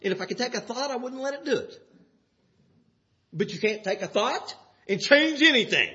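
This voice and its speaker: An older man preaches a folksy sermon. His voice sits high, bright and lively, sliding from near-whispered asides up to full shouts. The recording is muffled and lo-fi. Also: normal speed, pauses often. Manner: folksy, swings from soft to shouting.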